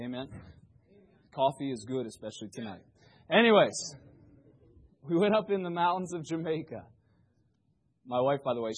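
A man's voice: mid-range voice, slightly rough, low-quality recording. A man preaching a sermon, telling a story with humor and animation.

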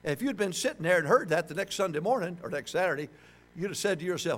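Fast-talking, with a voice that sits high, an older man preaches to his congregation. He keeps it animated and full of jokes, drawing call-and-response from the crowd.

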